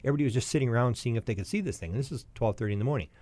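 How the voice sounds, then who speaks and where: A man in his sixties telling a long personal story as a podcast guest, lively and anecdotal, often restarting his sentences. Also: mid-range voice, racing, no echo. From Canada.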